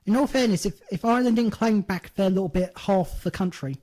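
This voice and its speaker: A young man in his twenties with a south London English accent, chatting as a guest on an internet radio show. He has a high voice and a laid-back, dry delivery. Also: a little fast, a little mellow. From England. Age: 20s. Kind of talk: casual chat.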